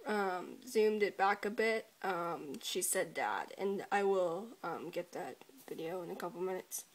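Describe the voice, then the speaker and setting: A woman's voice: lowish voice, expressive, unhurried. A teenage girl hosting a casual recap vlog, giggling often and swearing casually. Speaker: video channel host.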